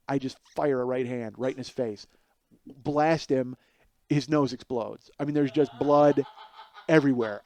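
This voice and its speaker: A man's voice: a little high, dark tone, no room sound. A man in his forties, a comedian hosting his own podcast, telling a rambling, profane, self-mocking story through a headset mic. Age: 40s. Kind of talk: comic storytelling monologue.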